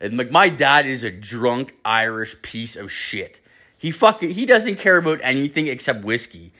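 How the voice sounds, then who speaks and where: A man's voice: mid-range voice, expressive, moderate pace, pushed and bright. A man hosting his podcast, telling stories in a profane, rambling, casual way. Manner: profane, rambling, lots of fillers. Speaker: podcast host. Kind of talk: casual storytelling.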